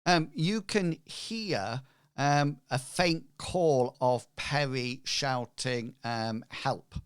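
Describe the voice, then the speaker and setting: A man running a tabletop game as game master, talking hesitantly with many pauses and fillers. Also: fairly high pitch, animated, smooth.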